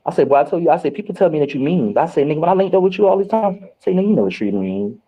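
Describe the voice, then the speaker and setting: A man on a reality show after-show, telling candid stories in casual chat, animated and profane, with big swings in his voice. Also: a little high, very fast, husky, highs cut off. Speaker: reality show cast member.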